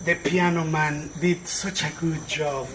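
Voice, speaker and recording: Slow, playful storyteller man. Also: on the high side. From Mexico. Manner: animated, playful, self-mocking. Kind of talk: live comic storytelling. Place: event room at a library. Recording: distant mic with background noise.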